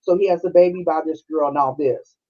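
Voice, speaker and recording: A middle-aged woman from Kansas City speaks with a husky, breathy edge. She tells a personal story in a loose, heartfelt way to her co-hosts. The live-stream audio sounds dull and lo-fi. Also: deep voice, fast talker. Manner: conversational, heartfelt, full of "you know" and "like". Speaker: podcast co-host.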